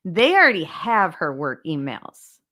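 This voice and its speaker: Woman host for a casual stream, slow and chatty, a little low-pitched, addresses viewers directly. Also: very animated, sharp tone. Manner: chatty, talks straight to viewers, reads documents aloud. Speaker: true crime channel host. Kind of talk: casual livestream case discussion.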